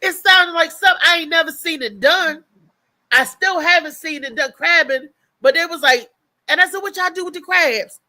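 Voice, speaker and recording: A woman with a high, bright voice chats on a casual livestream. She tells stories with animation and restarts often. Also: normal speed. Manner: animated storytelling with frequent restarts and laughter. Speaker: co-host.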